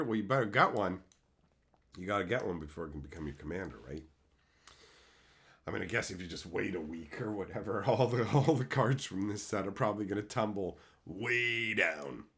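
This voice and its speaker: A man in his thirties from Canada, chatting casually on his livestream, swearing freely and laughing often. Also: normal speed. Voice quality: swears a lot, laughs often, jumps into high squeaky voices for quotes. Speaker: streamer.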